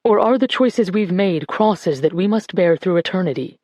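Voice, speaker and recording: A woman's voice: fairly low pitch, expressive, darkish tone, no echo, studio quality. A woman voicing a solemn man's eulogy. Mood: solemn, reflective. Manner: slow, measured and solemn. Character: grieving grandson giving a church eulogy, male adult.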